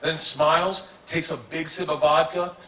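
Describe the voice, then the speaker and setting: A man in his forties telling a story in a stand-up routine, laughing through it and shouting his punchlines. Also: a little high, flat delivery, moderate pace. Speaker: stand-up comedian. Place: stage before a live audience. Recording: roomy live recording from a distance, audience noise.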